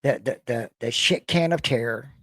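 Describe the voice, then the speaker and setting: A man's voice: medium pitch, moderate pace, fairly bright tone, breathy edge, dry recording. A man in his forties to fifties hosting a casual reaction podcast, talking bluntly and profanely and often stumbling over repeated words. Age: 40s to 50s. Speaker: podcast host. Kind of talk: casual reaction-show banter.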